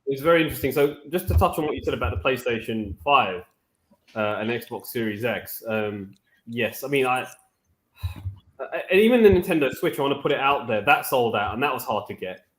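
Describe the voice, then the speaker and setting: A man's voice: mid-range voice, animated, fairly quick, echoey room. A man on a discussion panel, telling stories with animation and imitating other people's voices. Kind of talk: casual panel chat.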